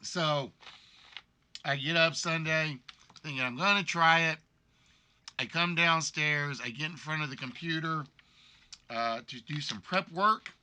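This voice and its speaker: A game show livestream host talks casually and rambles about being sick, telling it apologetically in a voice weakened and congested by a cold. His voice is mid-range with a sharp tone, and there's a little hiss or hum in the audio.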